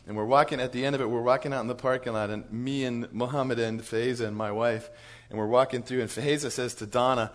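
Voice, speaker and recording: Animated man telling a church story. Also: mid-range voice, quick pace. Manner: animated storyteller, chuckles through his story. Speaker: church staff speaker. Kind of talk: storytelling talk to church leaders.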